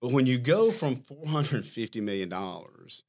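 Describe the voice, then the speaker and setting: A man, a company chief executive, telling a long story in a casual interview, animated and self-mocking, laughing as he talks. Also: mid-range voice, normal speed, vocal fry. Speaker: firm CEO, podcast guest.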